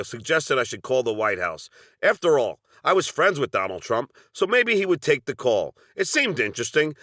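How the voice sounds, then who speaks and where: A middle-aged man with a Long Island accent reads a personal story from a script, dropping in wry, sardonic asides. His voice is medium-pitched and a bit bright, recorded at studio quality with no echo.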